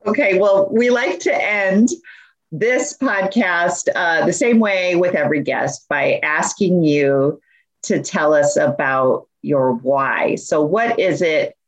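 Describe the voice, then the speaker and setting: A woman's voice: on the low side, takes it slowly. A woman hosting a podcast interview, effusive and bubbly, laughing easily with her guest. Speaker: podcast host. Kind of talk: casual interview chat.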